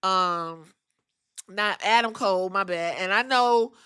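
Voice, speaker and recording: A middle-aged woman hosting a podcast, recapping wrestling episodes in a casual, animated way, acting out quotes and swearing freely. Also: mid-range voice, slow, clean tone. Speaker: podcast host.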